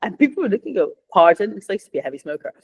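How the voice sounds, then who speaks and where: A Scottish woman in easy, casual conversation, sharing stories and laughing often. Her voice sits at a middle pitch for a woman, and she keeps an informal podcast-chat tone throughout. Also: sing-song, rapid-fire, creaky, darkish tone. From Scotland. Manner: chatty, laughs often, tells anecdotes. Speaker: podcast co-host.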